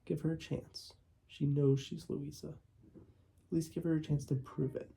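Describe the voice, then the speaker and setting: A man's voice: fairly high pitch, level tone, measured pace, creaky, warm tone, breathy edge, heavily acted. A man voicing a frightened young man who pleads urgently. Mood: pleading.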